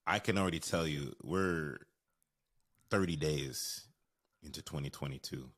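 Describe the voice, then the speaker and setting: Very deep-voiced male podcast host. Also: fairly bright tone. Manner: earnest, measured, affirming. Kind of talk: interview reflection.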